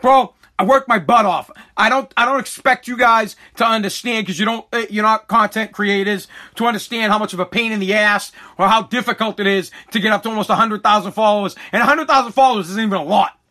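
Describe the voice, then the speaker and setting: Male podcast host, furious rant, high voice, stammers and restarts. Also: quick pace, hardly any pauses, bright, forceful tone. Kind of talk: angry live-streamed podcast rant.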